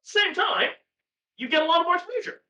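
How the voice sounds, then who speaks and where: A man in casual chat as a podcast guest, rambling and excitable, swearing now and then, on a video call. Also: very high-pitched, moderate pace. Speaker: podcast guest, cooking streamer. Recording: far-off, roomy, dull sound with hum.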